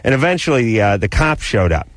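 A man on a radio call-in show, telling a rambling story in a casual, animated way and laughing as he goes. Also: mid-range voice, a little fast, no room sound. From Los Angeles area.

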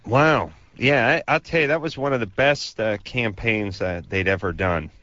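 A man's voice: lowish voice, moderate pace, bright, forceful tone, no room sound, highs cut off. A man hosting a casual radio chat, rambling and sarcastic, often stammering, with a distinctive voice people like to mimic. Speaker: radio host.

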